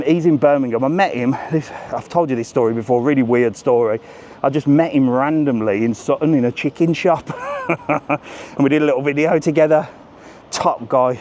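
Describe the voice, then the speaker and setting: A travel vlogger on a live walking stream strolls resort streets, chatting cheekily to his viewers and reading their messages aloud as he goes. His voice is a little high and a little mellow, with faint street and traffic noise in the background.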